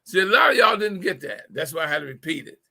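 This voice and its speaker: Hosting a live call-in show, a middle-aged man tells jokes casually, repeating punchlines and stumbling over words. His high voice is fast, gravelly, bright and forceful, with big pitch swings.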